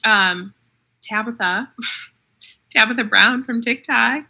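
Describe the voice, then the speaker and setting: A woman's voice: a little high, slow pace, creaky, sharp tone. A woman co-hosting a podcast, telling stories in casual chat with lots of fillers. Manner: chatty storyteller, many fillers. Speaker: podcast co-host. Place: Los Angeles.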